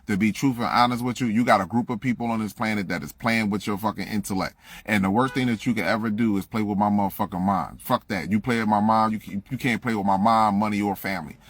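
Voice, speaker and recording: A man's voice: lowish voice, fairly even intonation, quick pace, husky. A man ranting on a livestream into a phone, blunt, profane and preachy, repeating himself to press his point. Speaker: livestream host. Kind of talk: heated livestream rant.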